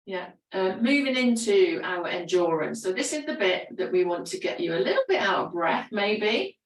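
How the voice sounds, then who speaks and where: A woman fitness instructor talks her class through gentle moves with an encouraging, chatty manner. Her voice sits at a middle pitch and comes from some way off the mic. The room around her gives a clear echo. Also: sing-song, moderate pace, recorded from a distance. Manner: encouraging, chatty, laughs often. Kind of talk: guided exercise class. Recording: roomy echo, voice from away from the mic.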